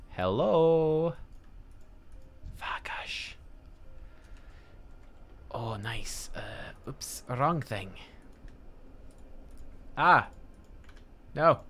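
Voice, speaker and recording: A man's voice: fairly low pitch, expressive, very slow, pauses often, pushed and bright. A man streaming an online game, muttering to himself and swearing casually as he plays. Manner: muttering, swearing, thinking aloud. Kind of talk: casual gameplay commentary. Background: game music.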